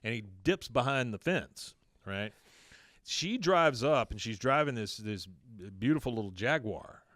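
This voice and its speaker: Animated man retelling scenes. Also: medium pitch, unhurried, no room sound, clean studio sound. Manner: animated retelling, quoting characters in shifting voices. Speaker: podcast host recapping an episode. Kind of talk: casual chat.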